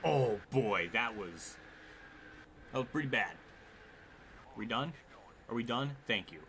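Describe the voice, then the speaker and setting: Slow and medium in pitch, a man's voice comes from his home desk as he streams a racing game. Steady noise hums underneath while he delivers live commentary full of exasperated, swearing outbursts.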